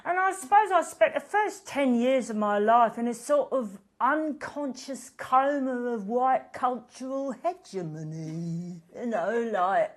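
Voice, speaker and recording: A woman doing a self-dramatizing middle-aged activist, earnest and rambling, as a comedy character. Her voice sits fairly high, and she drags her words out slowly. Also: animated. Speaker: guest in a comedy sketch.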